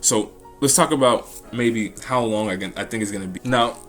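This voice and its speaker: A man's voice: mid-range voice, normal speed, a bit bright, soft background music. A man hosting a casual talk about an anime, rambling in a slangy way with lots of restarts and swearing. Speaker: anime commentary host.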